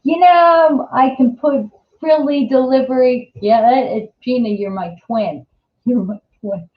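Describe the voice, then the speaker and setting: Older woman, New Jersey accent, chatty and rambling, slow pace, echoey dull recording. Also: high voice. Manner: rambling, chatty, many restarts and fillers. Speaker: host. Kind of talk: casual live-stream chat. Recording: echoey room, dull lo-fi sound.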